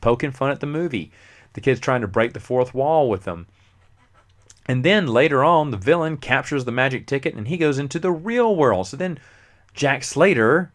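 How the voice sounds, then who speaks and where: A man's voice: medium pitch, a bit bright. A man hosting a casual movie review show who acts out scenes as he retells them. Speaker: movie review podcast host.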